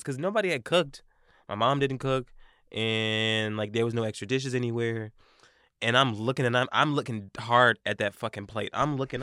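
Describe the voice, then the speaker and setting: A young man co-hosting a podcast, telling an animated, profane story in casual chat. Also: mid-range voice, moderate pace, no room sound, clean studio sound. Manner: animated, profane, replays his own quotes. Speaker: podcast co-host.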